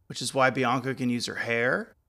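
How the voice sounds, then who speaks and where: A man's voice: mid-range voice, moderate pace, creaky. A man co-hosting a casual chat while watching wrestling, telling stories and joking. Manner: joking, animated storyteller. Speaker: podcast co-host.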